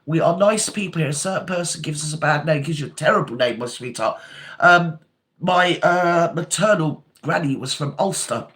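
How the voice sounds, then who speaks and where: A woman's voice: sits low, moderate pace, a bit bright. An older woman, hosting a casual live chat, reading out viewer comments and calling them darling. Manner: chatty, calls viewers darling and sweetheart.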